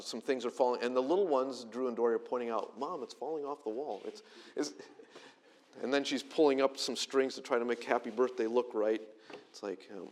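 A middle-aged man preaching a sermon in a church auditorium, conversational and animated, with self-deprecating asides. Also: mid-range voice. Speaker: pastor.

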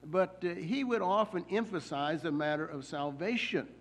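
Gravelly-voiced man preaching a sermon. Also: on the high side. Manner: deliberate, slows and stresses scripture quotes; halting, with fillers and repeated words.

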